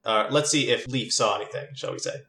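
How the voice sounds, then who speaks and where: A man's voice: mid-range voice, a little fast, bright, forceful tone. A man running a tabletop game as game master, talking casually with lots of fillers. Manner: casual, filler-heavy, laughs easily. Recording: roomy echo.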